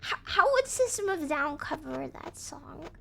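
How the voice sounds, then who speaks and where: Playful woman streamer, giggly, bright and high-pitched. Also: big pitch swings, normal speed, gravelly, slight background noise. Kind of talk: casual live-stream chat.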